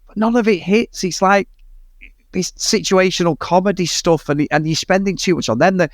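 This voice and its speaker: A man's voice: high voice, normal speed, no room sound, clean studio sound. A man co-hosting a casual film review podcast, ranting in exasperation about a bad movie and swearing freely. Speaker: podcast co-host.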